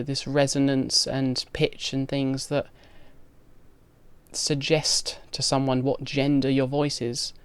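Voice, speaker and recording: Speaking in a low, smooth, slightly mellow voice, a young trans woman records a candid, direct-to-camera video diary. She talks frankly with frequent casual fillers, and there is no room sound.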